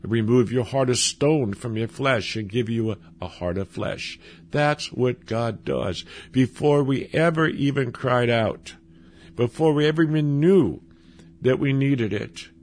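A male pastor from Minnesota delivers a sermon in a relaxed, conversational way. His voice is gravelly and husky, with a rough fry at the ends of phrases. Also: medium pitch. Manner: conversational preaching with restarts and chuckles.

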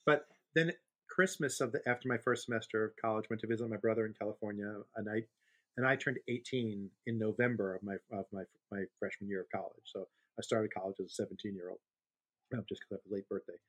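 A man's voice: lowish voice, fairly even intonation, fast talker. A man in his fifties, co-hosting a podcast, telling long rambling stories in casual chat and laughing easily. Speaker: podcast co-host.

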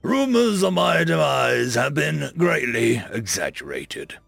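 Man playing a gravelly, sardonic human general. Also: fairly high pitch, sing-song, slow, fairly bright tone, no room sound, faint music behind, full character voice. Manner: dry, sardonic, exasperated. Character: weary human male military general.

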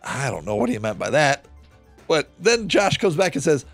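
Animated sarcastic male podcast host. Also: fairly high pitch, normal speed, gravelly, husky, faint music behind. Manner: animated and sarcastic, swears freely; reads out chat logs, acting the lines. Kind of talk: true-crime podcast commentary.

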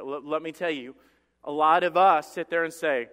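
A man's voice: fairly high pitch, expressive, moderate pace, fairly bright tone, smooth. A man preaching a sermon as pastor, passionate and emphatic, often repeating words as he builds. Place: church sanctuary. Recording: long church reverb.

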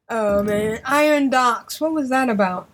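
A woman's voice: sits high, a bit bright, slight background noise. A woman hosting a casual podcast chat, rambling with fillers and laughing often. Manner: chatty, giggly, rambling with fillers. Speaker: podcast host.

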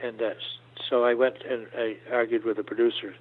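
An older man telling stories as an interview guest, halting often and repeating words as he goes. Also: medium pitch, flat delivery. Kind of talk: storytelling interview. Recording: tinny phone-like line.

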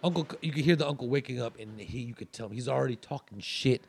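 A man's voice: medium pitch, quick pace, vocal fry, husky. A man telling a long story in casual chat, rambling with fillers and restarts.

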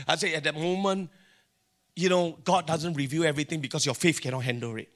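A man's voice: fairly high pitch, fast talker, fairly bright tone. A middle-aged man with a Singaporean English accent preaching a sermon, telling stories animatedly and acting out the dialogue. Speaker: pastor.

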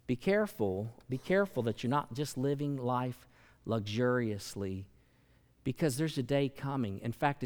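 A man preaching a sermon as pastor, building to loud emphatic peaks and acting out quoted voices. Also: medium pitch. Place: large church sanctuary. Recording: long church hall reverb.

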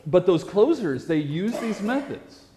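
A man preaching in a storytelling style, animated and self-mocking, often repeating words for effect. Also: sits high, measured pace, soft background music. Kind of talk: storytelling sermon.

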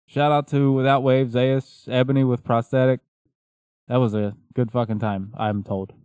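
A man's voice: mid-range voice, little pitch movement, normal speed, darkish tone, clean tone, no room sound. A man co-hosting a podcast, telling loose stories full of swearing and laughter. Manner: profane, laughing, loose storytelling. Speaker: podcast co-host. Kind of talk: casual banter.

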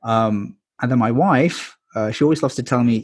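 A man with a husky, slightly breathy voice tells his personal story as a podcast guest. He rambles candidly, filling pauses with ums and likes. The sound is dry and close. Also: medium pitch, darkish tone, no echo. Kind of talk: casual storytelling interview.

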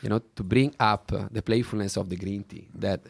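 A man's voice: lowish voice, steady tone, brisk, vocal fry, husky, no echo. A man with an Italian accent answering interview questions about his drink company, hesitant and full of fillers and restarts. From Italy.

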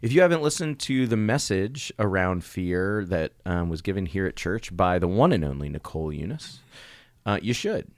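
A man's voice: low voice, big pitch swings, normal speed, no echo, clean studio sound. A man co-hosting a church podcast, a pastor chatting casually in an easygoing, joking, rambling way. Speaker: podcast co-host and care pastor. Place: church recording space.

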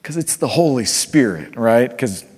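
A man preaches with earnest conviction, his voice sinking low and quiet before climbing to a fervent, insistent peak. His pitch sits in an ordinary middle register. A long reverb trails each phrase, as if he is in a large hall. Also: expressive, unhurried, breathy edge. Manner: earnest, swings from hushed to fervent. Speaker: pastor. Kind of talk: sermon.

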